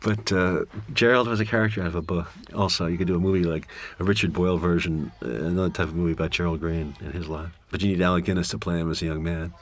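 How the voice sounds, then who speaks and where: A man's voice: deep voice, steady tone, quick pace, few pauses. A man giving a director's commentary, telling candid, wry, rambling stories about a film shoot. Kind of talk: director's commentary, reflective storytelling.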